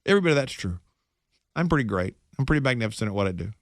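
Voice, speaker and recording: Middle-aged radio host telling a story. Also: male voice, mid-range voice, racing, no echo, clean studio sound. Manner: storytelling, animated and self-joking. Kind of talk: casual monologue.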